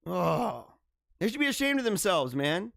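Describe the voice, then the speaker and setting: This American man's voice is high-pitched and sing-song, a bit bright and creaky, at a normal speed, captured dry in clean studio sound. Hosting a relaxed livestream, he reads the news aloud and riffs on it in a rambling, joking way, chuckling often.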